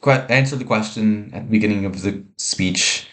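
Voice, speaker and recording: A man's voice: fairly low pitch, moderate pace, a bit bright. A man presenting a read speech, reading plainly with an occasional stumble.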